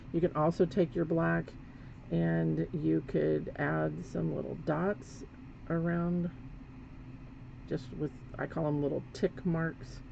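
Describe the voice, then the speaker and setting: A woman whose voice sits low and gravelly leads a live painting demonstration as the instructor, chatting while she works and correcting herself along the way. The audio is dull and lo-fi, with faint noise in the background.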